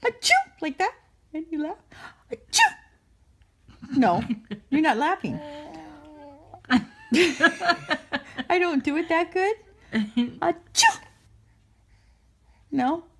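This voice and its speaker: High, lively mom coaxing her baby. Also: takes it slowly, long pauses. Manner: playful, laughing, coaxing baby talk. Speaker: mother. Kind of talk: home video chat.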